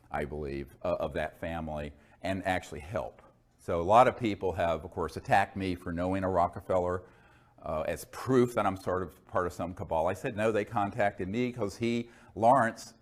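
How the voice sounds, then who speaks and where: Very deep-voiced man telling a story. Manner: rambling, digressive, with frequent fillers and asides. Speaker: speaker recounting experiences. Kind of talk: conversational storytelling monologue.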